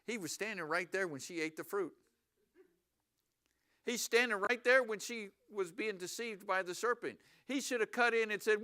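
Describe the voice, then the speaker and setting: Bright, clear-voiced male preacher. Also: high voice, normal speed. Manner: animated, asks the congregation questions. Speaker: pastor. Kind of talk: sermon. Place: church sanctuary.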